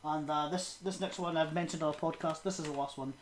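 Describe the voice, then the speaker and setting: A woman co-hosting a podcast speaks fast in a low, steady-toned voice, with a little hiss or hum in the recording. She rambles casually about horror films, heavy on fillers and trailing laughs.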